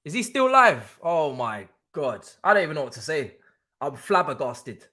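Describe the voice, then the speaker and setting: Young man, football watch-along host, high voice, sharp bright tone, excitable, repetitive, swears a lot. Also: normal speed. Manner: excitable, repeats himself, swears freely. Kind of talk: live stream reaction commentary.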